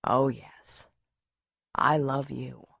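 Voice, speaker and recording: A woman reading a gentle grown man. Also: sits low, animated, moderate pace, gravelly, breathy edge, no echo, studio quality, full character voice. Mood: tender. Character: tender, composed grown man, a suitor.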